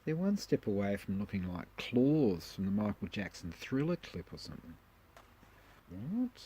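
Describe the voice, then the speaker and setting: A man talks his way through old adverts in a dry, teasing tone, chuckling now and then. His voice is mellow and a little husky. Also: on the low side, big pitch swings, moderate pace. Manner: wry, joking asides, chuckles often. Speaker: host reviewing old magazine adverts. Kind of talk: casual commentary.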